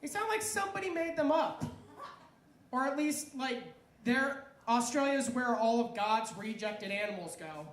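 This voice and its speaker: A comedian doing an animated stand-up set at an open mic, acting out voices as she goes. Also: fairly high pitch, a little slow. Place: club stage at open mic. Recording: echoey club room, faint noise.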